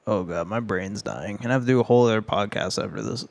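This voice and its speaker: A man co-hosting a casual film podcast, with a gravelly, creaky edge to his voice. He talks loosely, cracks jokes and swears freely. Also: fairly low pitch, lively intonation, fast talker. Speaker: podcast co-host.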